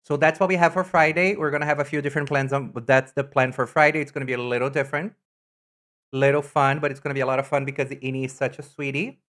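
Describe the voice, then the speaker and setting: A woman streamer in casual live-stream chat, talkative and teasing, answering chat messages with sudden high, loud exclamations. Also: fairly even intonation, fast. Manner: chatty, reacts to chat messages with loud teasing jumps in pitch.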